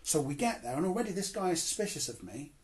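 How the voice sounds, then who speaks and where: Man from cornwall telling a funny story about himself, slightly high voice, animated. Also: fast, slight background noise. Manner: animated, self-mocking anecdotes with acted-out quotes. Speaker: guest, comedian and crime writer. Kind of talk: storytelling in an interview.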